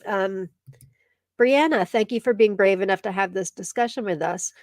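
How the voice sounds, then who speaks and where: A woman's voice: medium pitch, a little fast, no room sound, clean studio sound. A middle-aged woman hosting a casual live stream, teary and emotional as she reads viewer comments aloud. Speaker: live show host.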